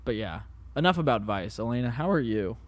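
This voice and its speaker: A man's voice: mid-range voice, animated, fairly quick. A man co-hosting a casual comedy podcast from his apartment, rambling through jokey stories and cursing casually. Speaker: podcast co-host. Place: home apartment. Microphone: podcast microphone.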